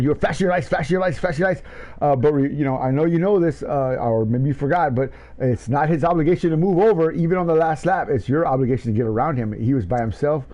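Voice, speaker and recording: Hyped male race caller, slightly high voice, rambling and breathless. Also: low-quality recording. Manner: shouting excitedly, then breathless and rambling. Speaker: race commentator and host. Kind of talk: excited sim racing commentary.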